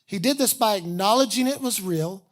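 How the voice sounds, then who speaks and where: This pastor's medium-pitched voice has lively intonation as he preaches candidly and conversationally. He makes self-deprecating asides and slows into earnest emphasis on key phrases.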